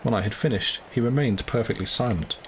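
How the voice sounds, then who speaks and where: A man's voice: mid-range voice, a little fast, slight background noise, rough recording. Man reading a novel aloud. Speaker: reader of a novel.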